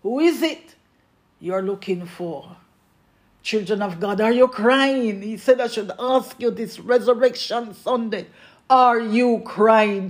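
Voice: mid-range voice, slow. A preacher delivering a sermon, repeating refrains with emphasis and speaking straight to the congregation.

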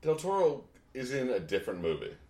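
Lively wisecracking man, echoey room. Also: medium pitch, fairly quick. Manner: wisecracking, does silly voices. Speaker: commentary co-host. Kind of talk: casual movie commentary banter.

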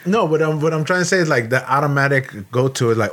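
A man's voice: a little high, animated, fast, a bit bright. A man from Los Angeles, a Marine veteran, co-hosting a casual podcast chat in a blunt, heated way, swearing often and restarting his sentences. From Los Angeles, USA.

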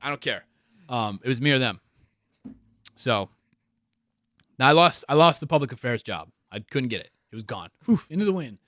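A young man casually telling stories as a podcast guest, animated and swearing often. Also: medium pitch, moderate pace, long pauses, no room sound, studio quality. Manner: swears a lot, animated, laughs through stories. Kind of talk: casual storytelling chat.

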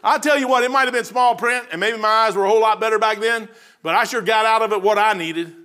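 A middle-aged preacher, his voice pitched high and ringing bright. He preaches in waves, climbing to shouts, then falling to soft, quiet stretches. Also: quick pace. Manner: swings between loud and soft delivery. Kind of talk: sermon.

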